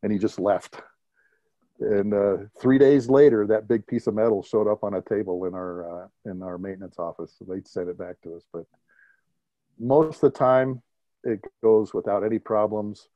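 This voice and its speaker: A man in his fifties, a retired military pilot, telling lively anecdotes as an interview guest and chuckling at his own stories. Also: fairly low pitch, moderate pace, no echo, highs cut off. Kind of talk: conversational interview storytelling.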